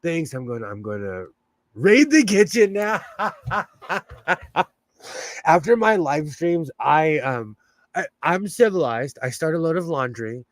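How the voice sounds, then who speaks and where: A man's voice: a little high, sing-song, slow pace, long pauses, no room sound. A man chatting casually on his live stream, reading the chat and laughing often. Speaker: livestream host reading chat. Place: home in California.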